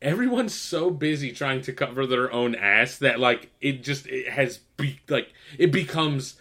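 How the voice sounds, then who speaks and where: Rambling, swearing young podcast host. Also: male voice, medium pitch, expressive, measured pace, bright, forceful tone. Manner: rambling, laughs often, heavy swearing. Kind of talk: casual chat.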